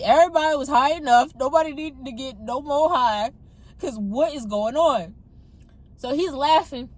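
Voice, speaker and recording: A young woman casually telling her personal testimony to her viewers on a phone camera, animated and talking straight to them. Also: high voice. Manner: animated, addresses viewers as y'all. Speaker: testimony vlogger.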